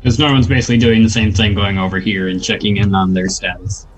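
A man's voice: fairly low pitch, flat delivery, quick pace, slight background noise, poor audio. A man playing in a tabletop game, talking casually about his character's moves. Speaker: player.

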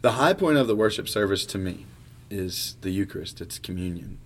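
A man's voice: sits low, animated, fairly quick. A male pastor in a casual conversation, speaking earnestly and often repeating words as he works through a thought. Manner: earnest, stumbles and repeats words while thinking aloud.

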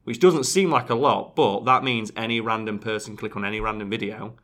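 A young man who co-hosts a YouTube channel, talking fast and jokily in a casual chat. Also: fairly low pitch. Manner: fast, animated, jokey storyteller.

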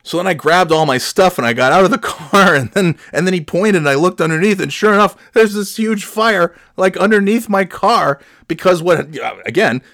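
A man's voice: high-pitched, normal speed, hardly any pauses, a bit bright, no room sound, clean studio sound. A middle-aged man hosting a podcast, telling a comic story in a rambling, self-mocking way that drops into mumbles. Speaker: podcast host.

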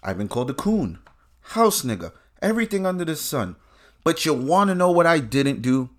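Addressing his audience, a man delivers a political rant laced with profanity and a sing-song quality. His delivery lurches from loud bursts to quiet, stretched-out asides.

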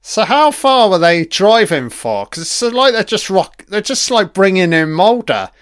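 A man's voice: high-pitched, very animated, a little slow, a bit bright, clear, resonant tone, no echo, studio quality. A man giving a casual commentary on a TV episode, chatty and swearing freely, laughing along as he watches.

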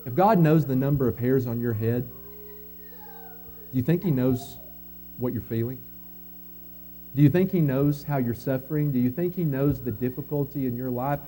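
A man preaching a sermon as pastor, earnest, rising to emphatic quotes and dropping soft again. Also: mid-range voice, moderate pace, long pauses, soft background music. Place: church sanctuary.

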